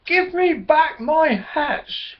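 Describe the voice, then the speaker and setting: A man voicing an excitable young male blackbird who frets and stammers, in a storybook reading. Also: a little slow, breathy edge, exaggerated voice. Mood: distressed. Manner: fretful, high and stammering. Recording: dull lo-fi recording.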